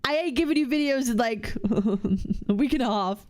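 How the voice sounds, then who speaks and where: A woman with a somewhat high voice reacts to videos on a live stream. She talks casually in slang and laughs often, breaking up her own comments as she goes. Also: measured pace, darkish tone.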